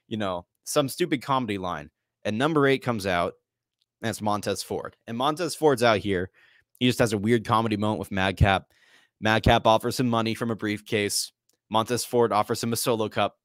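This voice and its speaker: A man's voice: on the low side, normal speed, no room sound, clean studio sound. A young man hosting a casual sports prediction podcast, telling it like a story. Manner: storytelling, conversational with fillers. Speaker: podcast host.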